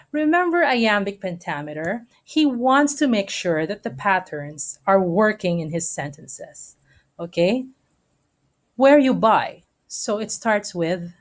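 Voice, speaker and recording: A female teacher leads a recorded online lesson, walking students through the material step by step and frequently checking in with a quick "okay?". Her voice is medium in pitch.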